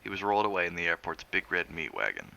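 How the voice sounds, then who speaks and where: A man reads a novel aloud in a steady, measured way. His voice sits very low with a gravelly fry, yet it comes through bright and forceful. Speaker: reader of a novel on a stream.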